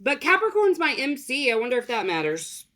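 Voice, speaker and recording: A woman's voice: high voice, big pitch swings, a little fast, fairly bright tone. A woman guest on a podcast, talking candidly and expressively, swearing freely in casual conversation.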